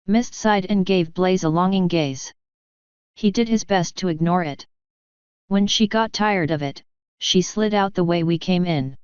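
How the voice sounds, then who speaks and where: A woman reading a fanfiction story aloud in an even, steady way. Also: fairly low pitch, measured pace, clean tone, dry recording, lo-fi sound. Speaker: fanfiction reader.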